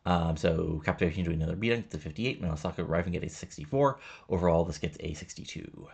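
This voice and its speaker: A man's voice: low voice, lively intonation, fast talker, gravelly, a little mellow, husky. A man casually narrating a wrestling simulation playthrough, rambling with many fillers and reading out the wrestlers' lines in his own voice. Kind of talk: casual let's-play narration.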